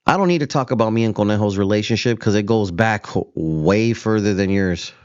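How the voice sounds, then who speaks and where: A man's voice: lowish voice, fairly quick, dry recording, lo-fi sound. A host on a confrontational callout rant, taunting his target and calling him fool again and again. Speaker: show host.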